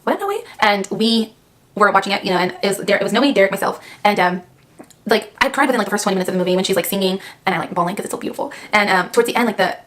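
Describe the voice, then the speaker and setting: A woman's voice: medium pitch, fairly even intonation, racing, fairly bright tone. A young woman vlogging to camera, chatting casually and rambling with lots of "like", seated indoors and recorded on the camera mic. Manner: chatty, rambling, heavy use of "like". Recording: echoey room.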